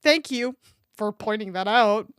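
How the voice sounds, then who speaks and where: A woman's voice: medium pitch, measured pace, a bit bright, clear, resonant tone, no room sound, clean studio sound. A woman streamer reading fan fiction aloud on a live stream, often breaking off to laugh and react to her chat, with a desk microphone.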